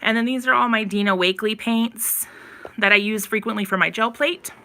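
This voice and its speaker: A woman's voice: on the high side, normal speed, bright, forceful tone. A woman, chatting on a live stream as she tours her home craft room, slightly out of breath and rambling with fillers. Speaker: craft channel host.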